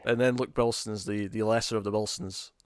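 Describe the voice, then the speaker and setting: A man's voice: on the low side, fairly even intonation, fairly quick, dry recording, clean studio sound. A man co-hosting a podcast, chatting casually and rambling about movie trailers with lots of restarts. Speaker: podcast co-host.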